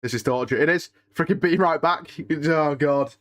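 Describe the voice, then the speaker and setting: A man's voice: a little high, normal speed. A young man hosting a live watch-along, chatting casually to his viewers, restless and emotional, often sighing and muttering to himself. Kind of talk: casual live-stream chat, reading and answering chat.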